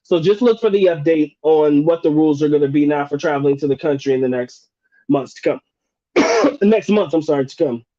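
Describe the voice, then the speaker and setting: A man's voice: a little high, fairly quick, mellow, dry recording, lo-fi sound. A man hosting a live Q&A stream, reading out chat questions in a casual, joking, slangy way with frequent laughs. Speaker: livestream host answering chat questions.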